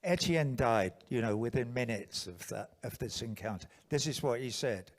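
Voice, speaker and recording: A man's voice: mid-range voice, animated, normal speed. An older English man tells a story to a conference hall in a loose, conversational way. He often doubles back, adds asides and restarts his sentences. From England. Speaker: conference speaker. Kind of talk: storytelling speech.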